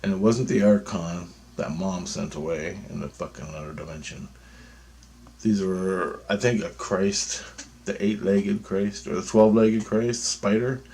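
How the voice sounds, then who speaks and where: A man's voice: low voice, fairly even intonation, measured pace, darkish tone. A man in his fifties talking in a rambling monologue, blunt and full of profanity. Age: 50s. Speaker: vlogger.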